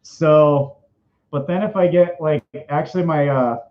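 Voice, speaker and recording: A man's voice: a little high, unhurried. A man hosting a casual question-and-answer chat, rambling and breaking off mid-thought. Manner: rambling, self-interrupting, chatty. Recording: dull lo-fi sound.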